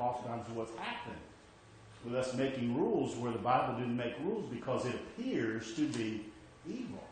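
A man preaching a sermon, explaining a Bible passage step by step and checking in with the congregation. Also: a little high. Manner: explanatory, repeats "okay?" often. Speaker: pastor. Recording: very echoey room.

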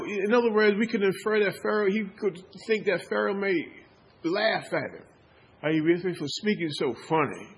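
Husky-voiced man preaching a sermon. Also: fairly high pitch. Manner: repetitive call-and-response preaching with many restarts. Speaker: pastor.

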